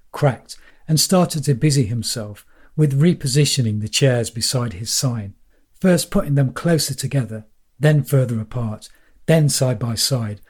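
Guy reading a story out loud, husky voice, dry humor. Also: medium pitch. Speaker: narrator. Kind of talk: audiobook narration.

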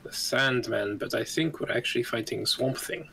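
A man's voice: medium pitch, normal speed, vocal fry, sharp tone, rough recording. Man thinking aloud as a tabletop player. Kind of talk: casual tabletop game chat.

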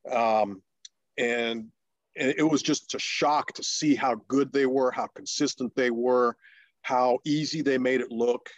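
Telling stories in an interview, a fifty-something ex-pro pitcher stumbles through fillers and restarts, rising sharply in pitch to act out excited voices. No room sound is present.

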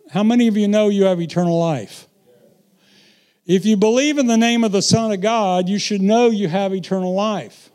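At a moderate pace and in a high-pitched voice, a middle-aged man preaches, telling stories and shifting from quiet remarks to loud, emphatic bursts.

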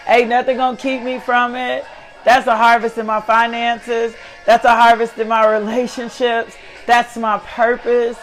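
A middle-aged woman hosting a faith talk show, preaching with fervent, emphatic repetition. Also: fairly high pitch. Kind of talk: preaching, motivational devotional talk. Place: her living room.

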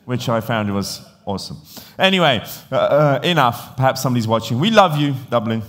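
A male pastor from Italy who speaks with an English accent delivers a sermon with a podcast intro, his mid-range voice moving fairly quickly. He tells stories in a chatty, animated way, using frequent fillers.

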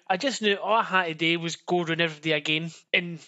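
A young man with a high, bright voice talks in loose, rambling fashion. He swears freely and breaks into laughter often, co-hosting a casual chat show. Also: fairly even intonation, fast. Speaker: podcast co-host.

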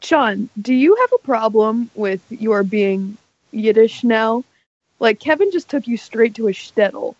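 Teasing woman with a higher voice. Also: animated, a little mellow, no echo, highs cut off. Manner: teasing, quick-witted interjections. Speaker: podcast panelist. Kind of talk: casual podcast banter.

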